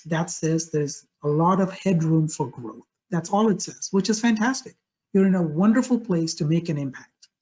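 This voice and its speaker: A man giving a live webinar presentation over a video call, energetic and emphatic, often repeating his key phrases. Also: fairly high pitch, dull audio.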